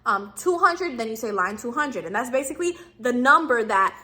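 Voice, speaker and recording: Bright, high-voiced chatty young woman. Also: expressive, moderate pace. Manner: slangy and chatty, acts out customer and clerk lines. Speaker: YouTuber giving customer service tips. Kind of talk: casual advice vlog.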